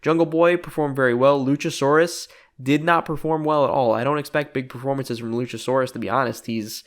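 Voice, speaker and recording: A man's voice: mid-range voice, steady tone, a little fast. A man giving casual, matter-of-fact commentary on a wrestling booking game, rating and judging each segment.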